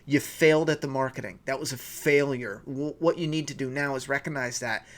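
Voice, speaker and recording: A man's voice: mid-range voice, fairly quick. A man hosting a live weekly review stream, chatting casually and reading viewer comments aloud in a rambling, self-correcting way. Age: adult father of a school-age child.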